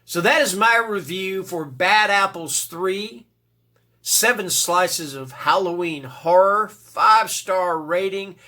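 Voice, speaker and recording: Bright-voiced man rambling through a review. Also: sits high, slow. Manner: rambling, with frequent fillers and repeated "all right?". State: occasional cough and throat clearing. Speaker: book reviewer. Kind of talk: casual spoken book review.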